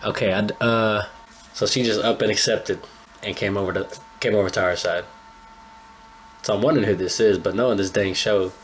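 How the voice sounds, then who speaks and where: A man's voice: lowish voice, fairly even intonation, a little fast, a little hiss or hum. A young man hosting a casual anime reaction, chatting in laid-back slang with a slightly stuffy nose. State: a little stuffy-nosed. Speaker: anime reaction channel host.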